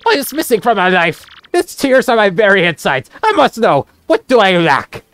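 A woman's voice: mid-range voice, very animated, normal speed, dry recording, close to an everyday voice. A woman voicing a pompous, greedy rich male merchant with theatrical fake-Italian phrasing, over faint game music. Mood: grandiose. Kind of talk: voicing game dialogue aloud.

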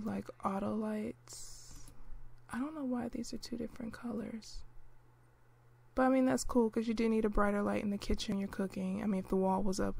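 A woman narrating her life-simulation gameplay in a relaxed, chatty way, with lots of fillers, clearing her throat now and then. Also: a little high. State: clearing throat, hiccuping and coughing. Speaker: gameplay commentator.

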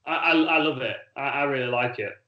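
A man's voice: mid-range voice, a little fast, dull audio. A man, a former fighter co-hosting a podcast, talking in a casual, rambling way and often repeating words as he thinks. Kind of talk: casual chat. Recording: echoey room.

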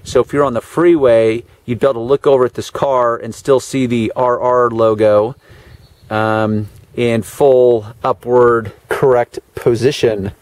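A man talks a camera through a car's features in a loose, conversational way, full of ums and dry sarcastic asides. His voice sits at an ordinary middle pitch. The sound is dry, with no room echo. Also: steady tone, unhurried, darkish tone. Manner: chatty, dry sarcastic asides, frequent fillers. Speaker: car detailer giving a walkaround tour. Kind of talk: casual handheld car walkaround. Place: in and around a parked car.

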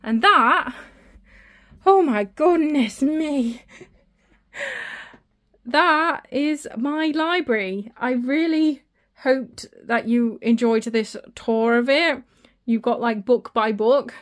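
A woman's voice: high-pitched, takes it slowly, fairly bright tone. A woman giving a casual home library tour, out of breath and chatty, often stumbling over her words while holding the camera. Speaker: book vlogger. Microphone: handheld camera.

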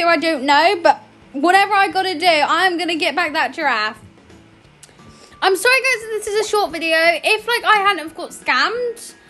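Very high, bright girl gamer. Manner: chatty, rambling, emotional. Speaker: gaming YouTuber. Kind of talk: game commentary vlog.

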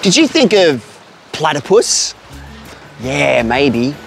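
A man's voice: a little high, big pitch swings, slow pace, creaky, soft background music. An Australian man hosting a kids' outdoor adventure vlog outdoors by a creek, upbeat and talking straight to the children and his pet bird. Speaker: host of a kids' outdoor show.

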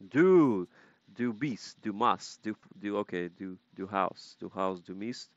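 A man's voice: lowish voice, expressive, slow pace, dry recording, dull audio. A man streaming a game, casually chatting and playfully repeating foreign words to practice them. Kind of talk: casual gaming live-stream chat.

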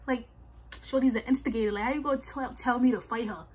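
A young woman with a husky voice, telling a storytime vlog in slangy, animated casual talk and repeating herself. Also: a little high, brisk. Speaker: vlogger. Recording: faint music behind.

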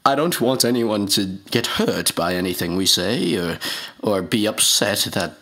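A man in a comedy skit, making a mock-solemn announcement as a self-serious rapper, halting and rambling with many fillers and restarts. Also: on the low side, lively intonation, pushed and bright.

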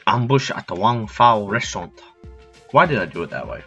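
A man doing let's play commentary, his low voice swinging widely and sounding bright and forceful as he jokes and curses at the screen. The recording is dull and lo-fi, with faint game music underneath. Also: sing-song, normal speed, husky. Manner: joking, swearing, talking to himself. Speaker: gaming channel host.

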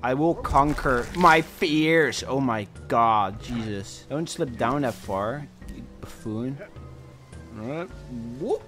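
Excitable young man streaming a game. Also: medium pitch, slow pace, soft background music. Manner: excitable, swings between panic and cocky boasting. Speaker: gaming streamer. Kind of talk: live gameplay commentary.

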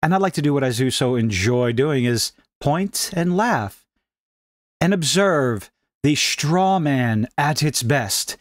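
Man, middle-aged, sarcastic gaming rant, fairly high voice, very animated pitch. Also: no room sound, clean studio sound. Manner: sarcastic, mocking, animated delivery. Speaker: gaming commentary host. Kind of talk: ranting commentary vlog.

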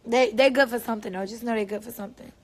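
A woman's voice: on the high side, fairly even intonation, very fast. A young woman chatting casually on a livestream, playful and rambling, with silly noises thrown in. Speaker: singer livestreaming on tour.

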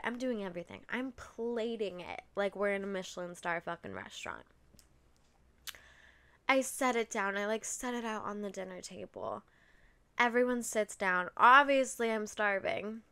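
Podcast host, young woman, bright forceful voice, frank confessional storyteller who swears. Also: mid-range voice, creaky. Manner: candid and expressive, swears freely, many likes.

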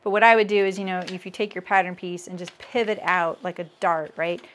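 A woman's voice: on the low side, steady tone, brisk, a bit bright. A woman in her thirties hosting a casual sewing livestream, chatting with viewers and laughing at her own jokes as she works.

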